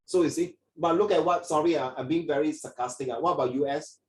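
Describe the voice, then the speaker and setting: A man's voice: a little high, fast talker, darkish tone, echoey room, far from the mic, low-quality recording. A man with a Singaporean English accent tutoring children in an online English lesson, rambling with many fillers and restarts. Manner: rambling, frequent fillers and restarts, mixes in Mandarin.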